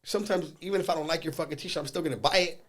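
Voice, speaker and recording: A middle-aged man from Southern California chatting as a podcast guest. He talks at a brisk clip, swears freely and acts out the voices of people in his stories. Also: a little high. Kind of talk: casual chat.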